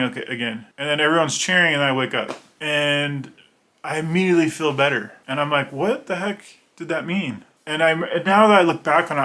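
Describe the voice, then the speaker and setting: Speaking to camera, a man in his thirties who illustrates children's books rambles conversationally through personal stories with a bright, forward tone and medium pitch. Now and then he acts out the characters in quick voices, then settles back into relaxed, plain chat.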